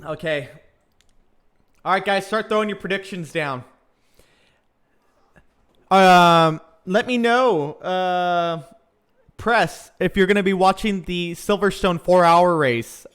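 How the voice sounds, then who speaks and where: Young dude streaming live race commentary, kinda high voice, lots of ums, chatting with viewers. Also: male voice, measured pace, fairly bright tone, clean tone. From Southern California. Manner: chatty fan, reads out viewer comments, many fillers.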